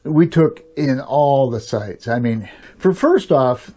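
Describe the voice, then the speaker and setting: Older male storyteller, casual and rambling, mid-pitched, warm tone, frequent chuckles. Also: lively intonation, slow pace. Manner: rambling, chuckles often, many "you know" fillers.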